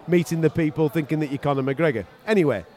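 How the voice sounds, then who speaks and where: A man's voice: on the high side, fast, dark tone. A man hosting a podcast, chatting casually from arena seats at a boxing event and teasing his co-host with laughing, sweary banter. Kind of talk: casual chat.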